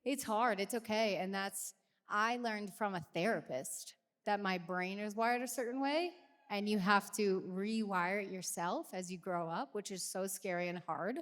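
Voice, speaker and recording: A woman's voice: mid-range voice, unhurried, fairly bright tone, long reverb tail. A woman in her thirties, a singer, chatting casually and rambling animatedly with many fillers. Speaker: singer answering fan questions. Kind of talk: casual Q&A chat. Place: backstage at a concert venue.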